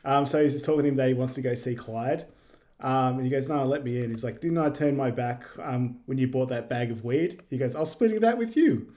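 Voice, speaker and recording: A young man co-hosting a podcast, casually retelling a film's scenes with many pauses. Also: medium pitch, fairly even intonation, warm tone. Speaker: podcast co-host. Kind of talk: casual movie recap chat.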